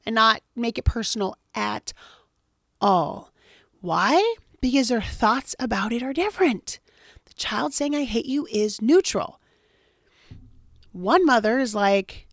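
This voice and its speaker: A woman's voice: fairly high pitch, lively intonation, takes it slowly, pauses often, no room sound, clean studio sound. A woman hosting a motivational podcast, talking animatedly and acting out quoted voices. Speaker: podcast host.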